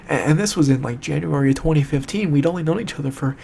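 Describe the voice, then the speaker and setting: Upset young guy talking to camera, trying not to cry, gravelly slightly high voice, stumbles and repeats himself, swears a lot. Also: darkish tone, a little hiss or hum. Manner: halting, repetitive, swearing, searching for words. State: distraught, holding back tears. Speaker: video maker addressing a friend. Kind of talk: emotional direct-to-camera monologue.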